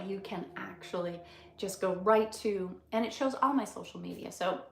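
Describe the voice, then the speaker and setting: A woman's voice: mid-range voice, moderate pace, gravelly, echoey room, slight background noise. A middle-aged woman hosting a casual livestream, chatting with viewers, laughing often and talking into her phone. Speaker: livestream host.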